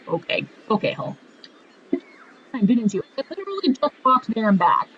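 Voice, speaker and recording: A woman's voice: fairly high pitch, big pitch swings, normal speed, fairly bright tone, slight background noise. A woman giving casual gameplay commentary, chatty and jokey, laughing often as she plays. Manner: chatty, laughs often, jokes about the game. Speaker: let's play gamer. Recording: slightly muffled lo-fi audio.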